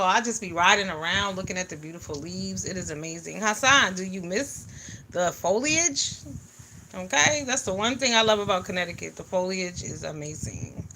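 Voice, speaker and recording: Bright-voiced woman chatting on a livestream. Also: medium pitch, a little hiss or hum. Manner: animated, greets viewers, swings from loud to quiet. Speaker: livestream vlogger. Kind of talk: casual livestream chat. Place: home in the US Northeast.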